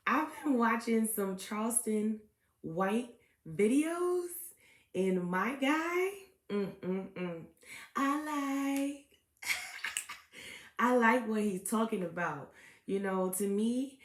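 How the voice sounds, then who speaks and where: A woman's voice: on the high side, animated, slow pace. A woman tarot reader talking in a casual, chatty vlog, full of "um" and "okay?" asides. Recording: echoey room.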